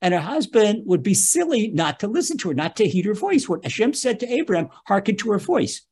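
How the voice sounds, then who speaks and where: A man's voice: sits high, big pitch swings, a little fast, a little mellow, husky. A man, a rabbi, giving a spoken Torah lesson, emphatic and talking straight to his listeners, often repeating his key phrases.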